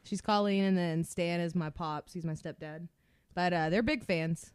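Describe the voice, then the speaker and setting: A woman's voice: lowish voice, normal speed, smooth, no echo, clean studio sound. A woman co-hosting a podcast in loose, profane chat, often breaking into giggles and snorts. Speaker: podcast co-host. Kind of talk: casual podcast banter.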